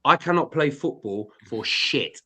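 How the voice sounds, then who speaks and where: A man's voice: mid-range voice, animated, measured pace, bright, forceful tone, slightly rough. A man in casual podcast chat, joking crudely and insisting on his point. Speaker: podcast panelist.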